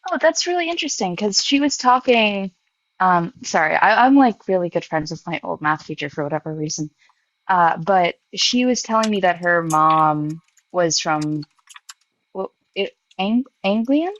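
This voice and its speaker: A woman's voice: lowish voice, animated, normal speed, fairly bright tone, dull audio. A young woman chatting in a friendly way on a live stream. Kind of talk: casual live-stream chat.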